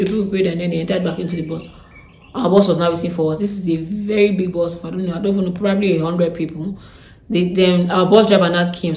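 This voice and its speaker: A young Nigerian woman with a Nigerian accent, telling a story in a blunt, animated way with Pidgin turns of phrase. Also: fairly low pitch. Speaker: vlogger. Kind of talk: casual storytime. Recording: echoey room.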